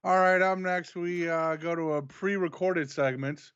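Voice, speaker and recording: A man co-hosting a casual review show over a call, calm, dry and understated. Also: fairly high pitch, a little slow, clean tone, dry recording, highs cut off. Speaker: podcast co-host. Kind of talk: casual chat.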